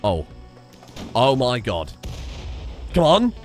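A man's voice: mid-range voice, huge pitch swings, takes it slowly, faint music behind. A man from the West Country of England with a West Country accent, giving casual, joking let's-play commentary and swearing freely. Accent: West Country English. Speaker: game streamer.

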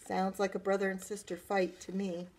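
A woman's voice: medium pitch, flat delivery, moderate pace, darkish tone. A librarian reading a picture book aloud to children, adding chatty asides to her listeners.

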